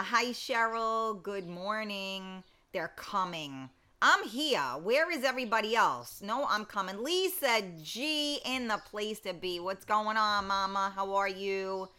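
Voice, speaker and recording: Woman host for a casual live stream, blunt and chatty, bright forceful voice, mid-range pitch. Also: clear, resonant tone. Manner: chatty and blunt, greets viewers by name, cusses freely.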